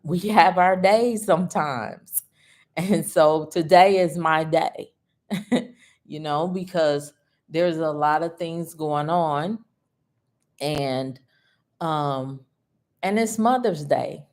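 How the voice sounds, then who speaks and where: Slow-talking tearful woman, low pitch. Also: a little mellow. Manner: slow, emotional and personal, with frequent laughs. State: tearful, grieving. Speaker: host of a livestream. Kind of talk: casual livestream chat.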